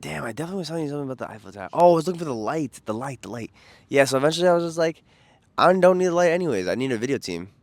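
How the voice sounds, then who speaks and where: A young man from New York with a New York accent, rambling casually and excitably about a trip, slangy and profane, losing his train of thought. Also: medium pitch, very fast, dry recording. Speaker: vlogger.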